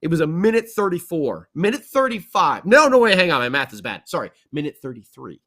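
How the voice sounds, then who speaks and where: A man co-hosting a podcast, recapping a hockey game in a casual, rambling and excitable way. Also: fairly high pitch, fairly quick. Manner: excitable, rambling, animated storytelling. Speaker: podcast co-host.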